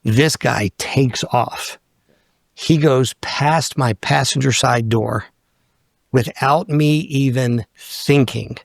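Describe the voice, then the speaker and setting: A man's voice: mid-range voice, takes it slowly, gravelly, no room sound, clean studio sound. A man in his fifties, a podcast guest, telling a story bluntly and candidly, swearing freely and acting out what people said. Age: 50s.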